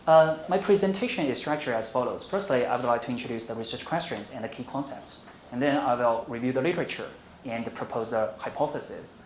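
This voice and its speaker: A man with as his delivers an academic talk at a measured pace, often pausing on "uh" and restarting his sentences. His voice sits in a middle pitch. The room gives it a roomy echo over a faint steady hum. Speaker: visiting academic speaker. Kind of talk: academic presentation. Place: university lecture room.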